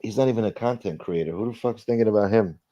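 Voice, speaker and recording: Talking fast in a mellow, lowish voice, a man hosts a casual livestream, swearing and rambling as he reads chat aloud and impersonates the friends in his stories. The recording is muffled, without room sound.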